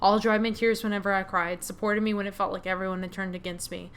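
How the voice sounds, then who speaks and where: A woman voicing a hurt, angry young woman confronting her family, read in a steady, bitter tone while playing a game. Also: mid-range voice, fast talker, smooth, natural voice. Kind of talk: reading game dialogue aloud.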